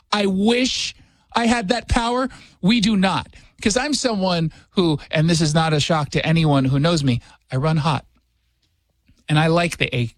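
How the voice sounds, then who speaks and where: Sarcastic high-voiced man host. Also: dry recording. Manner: sarcastic, joking, quick asides. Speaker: radio show host. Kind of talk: casual commentary chat. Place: radio studio.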